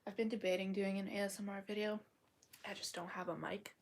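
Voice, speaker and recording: A woman's voice: mid-range voice, flat delivery, fairly quick. A woman chatting casually with her viewers on a live stream from her bedroom, rambling and often slipping into a whisper. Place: bedroom at home.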